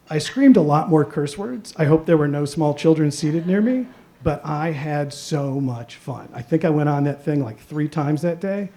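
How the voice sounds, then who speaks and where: A man's voice: a little high, animated, normal speed, warm tone. A middle-aged man from the Chicago area telling a personal story on stage at a story slam, conversational and swearing casually. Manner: conversational, swears casually, quotes himself and his dad. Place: stage at a live event.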